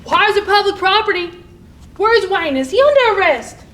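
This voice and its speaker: A woman's voice: very high-pitched, expressive, normal speed, fairly bright tone. A young woman acting in a stage play, playing a dramatic, suspicious woman who snaps at her lying friend. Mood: exasperated. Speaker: stage actor.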